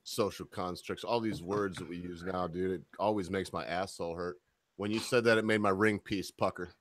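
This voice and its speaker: A man's voice: low voice, fairly even intonation, normal speed, no room sound. A man co-hosting a casual podcast, bantering in a crude, mocking, joking way. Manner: profane, mocking, jokey.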